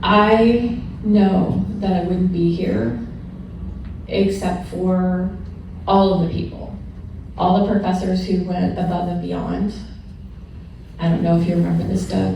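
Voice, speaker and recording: A woman's voice: medium pitch, warm tone, slight background noise. A middle-aged woman telling candid personal stories to an audience at a celebration, laughing often and sometimes emotional. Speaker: honored alumna speaking at a celebration. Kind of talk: personal storytelling remarks to an audience. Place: large echoey event room with an audience. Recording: distant, echoey room sound.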